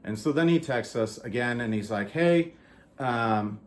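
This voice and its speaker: A man's voice: mid-range voice, brisk. A man in a small studio apartment, telling a story in a heated, casual rant. He swears often and acts out what other people said. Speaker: vlogger.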